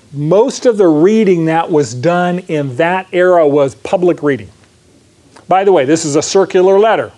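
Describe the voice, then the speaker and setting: Guy preaching in church, kinda high voice, keeps asking the crowd stuff and saying "right?". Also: darkish tone. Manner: conversational teaching, frequent "right?" and questions to the audience. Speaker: pastor. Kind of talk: sermon.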